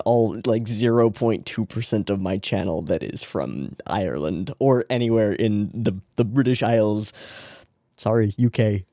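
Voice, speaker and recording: A man's voice: mid-range voice, dark tone, no echo, clean studio sound. Rambling, swearing man hosting an anime reaction. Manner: rambling, tangent-prone, casual swearing; laughs at his own jokes. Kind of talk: casual reaction-channel chat.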